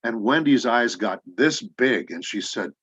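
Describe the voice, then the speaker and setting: A middle-aged man, a voice actor guest, telling rambling anecdotes with many pauses in a casual interview. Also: medium pitch, lively intonation, a bit bright, husky, no room sound. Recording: dull lo-fi audio.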